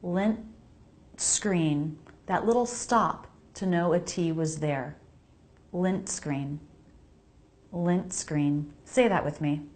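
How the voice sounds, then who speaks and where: An American woman teaching English pronunciation, slowly repeating each word for the listener to copy. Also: low-pitched, darkish tone. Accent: General American. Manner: slow, precise, repeats words for practice. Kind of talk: pronunciation lesson voice-over.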